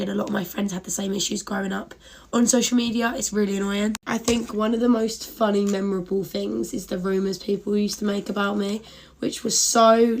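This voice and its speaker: A young woman talks through her story in a relaxed, reflective way. Her pitch sits in a middle range. A faint background noise runs under the recording. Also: gravelly, low-quality recording. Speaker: social media creator. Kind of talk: get-ready-with-me storytime.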